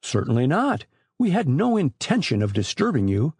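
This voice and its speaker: Man doing a sensible teen boy detective, earnest, lively pitch, dry. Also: moderate pace, husky, no echo, full character voice. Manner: earnest, reasoning. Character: sober, level-headed older teenage brother.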